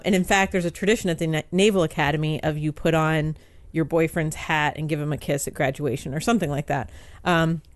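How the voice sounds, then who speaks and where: Woman in her 40s, guest columnist, chatty anecdote-telling, smooth clear voice, dry close sound. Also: sits low, no room sound. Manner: chatty storytelling with frequent "um" and "like". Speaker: guest author, newspaper columnist. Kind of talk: casual podcast interview.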